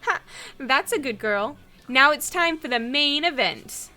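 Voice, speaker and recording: A woman's voice: high voice, lively intonation, pushed and bright, faint music behind, heavily acted. A woman doing a sadistic fake big brother. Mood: taunting. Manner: mocking, slow taunting drawl.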